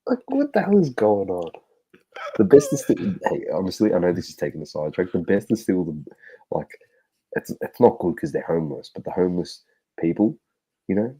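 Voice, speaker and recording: A man's voice: sits low, wildly swooping pitch, brisk, warm tone, husky, low-quality recording. An Australian man co-hosting a sports podcast, telling stories in a loose, sweary, laughing way. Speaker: podcast co-host. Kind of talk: casual sports podcast chat.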